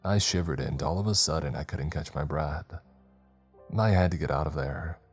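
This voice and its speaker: A man with an extremely deep voice reads a creepy story aloud. His delivery is steady and measured, building a tense mood. Soft background music plays faintly. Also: husky. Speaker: horror story narrator. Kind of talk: scripted horror narration.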